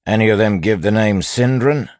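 A man voicing a sly male lawman posing as a thug, speaking low and soft with a quiet threat. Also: normal speed, no echo, natural voice. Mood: pressing.

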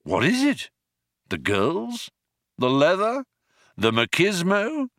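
A man voicing a quick-witted young traveler who talks in a breezy, persuasive way. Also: high voice, huge pitch swings, a bit bright, no echo, studio quality, pitched above the performer's own voice, full character voice.

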